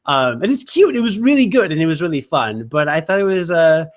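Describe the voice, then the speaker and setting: Chatty man, a bit high. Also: sing-song, brisk. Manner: rambling, self-mocking, trails off with fillers. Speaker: podcast co-host. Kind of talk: casual chat.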